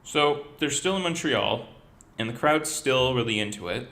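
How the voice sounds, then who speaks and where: A man co-hosting a podcast, recapping wrestling in casual chat, chatty and quick to laugh. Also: medium pitch, expressive, a bit bright. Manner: chatty, laughs often, breaks into quoted voices. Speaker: podcast co-host. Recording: echoey room.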